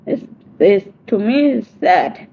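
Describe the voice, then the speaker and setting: Lady begging slow n repetitive, kinda high voice, sounds like a phone call, bit of hiss. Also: animated, gravelly. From South Sudan. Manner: pleading, repeats herself insistently. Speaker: message sender. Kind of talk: personal spoken message. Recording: tinny phone-line audio, faint hiss.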